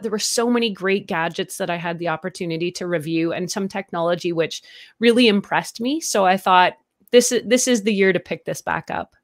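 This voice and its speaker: Canadian woman tech reviewer, lowish voice. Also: no echo, clean studio sound. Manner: friendly, thoughtful, explains in detail. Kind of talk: casual interview chat.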